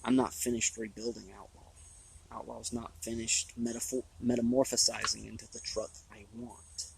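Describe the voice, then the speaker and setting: A man, chatting casually and rambling about his hobby, his voice hoarse from talking a long time. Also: mid-range voice, level tone, normal speed, noisy background. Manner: rambling, drawling, with restarts. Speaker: RC hobby vlogger. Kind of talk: casual trailside chat. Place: outdoors on a trail.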